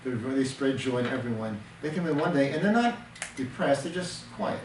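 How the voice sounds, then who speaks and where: A male counselor talks earnestly in a plain, mid-range voice, often repeating a word for emphasis as he teaches. He sits away from the microphone in a reverberant room, and steady background noise runs under his speech. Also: medium pitch, moderate pace. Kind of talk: conversational teaching talk. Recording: roomy, distant mic with background noise.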